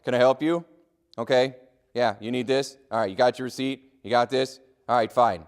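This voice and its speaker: A man voicing a curt, indifferent male store clerk who talks in a flat, dismissive way. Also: medium pitch, normal speed, pitched below the performer's own voice, natural voice.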